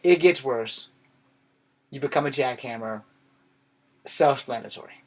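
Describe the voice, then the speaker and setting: A man's voice: medium pitch, a little slow. A man giving a blunt, casual monologue to his viewers, swearing now and then. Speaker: vlogger.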